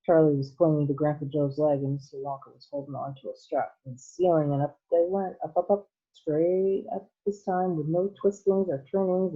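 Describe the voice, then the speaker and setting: A woman teacher reading a children's novel aloud at a careful, measured pace, heard over a tinny phone-like line. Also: deep voice, mellow, husky.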